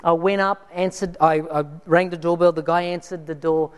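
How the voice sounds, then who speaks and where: A man's voice: on the high side, level tone, moderate pace, clear, resonant tone. A man preaching a sermon and telling personal stories, dramatic, sometimes dropping to near whispers for emphasis. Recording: reverberant hall.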